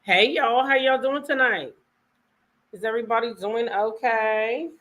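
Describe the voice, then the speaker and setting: A woman hosting a casual live stream, greeting her viewers by name and chatting with them, her voice a little hoarse. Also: fairly high pitch, a little slow, fairly bright tone. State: voice a bit hoarse. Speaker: livestream host.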